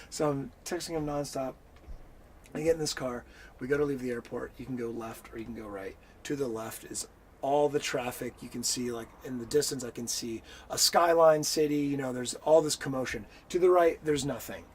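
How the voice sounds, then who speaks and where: A man telling a story in an interview, animated and swearing freely as he acts out the people in it. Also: medium pitch, moderate pace, a little hiss or hum. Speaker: interview guest. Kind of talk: casual storytelling.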